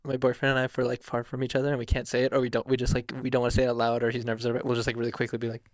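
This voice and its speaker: Fast-talking giggly man on a podcast. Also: mid-range voice, no echo. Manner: giggly, animated storytelling. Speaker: podcast cameraman and co-host. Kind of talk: casual podcast chat.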